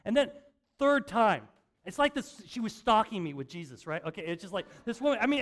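An older man, serving as pastor, delivers a sermon in a church sanctuary with a high-pitched, animated, fairly bright voice at a quick pace. He tells stories in a chatty, self-mocking style, frequently restarting his sentences.

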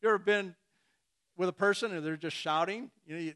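A man's voice: sits high, normal speed, fairly bright tone. A man preaching a sermon who acts out imagined dialogues and chuckles between points.

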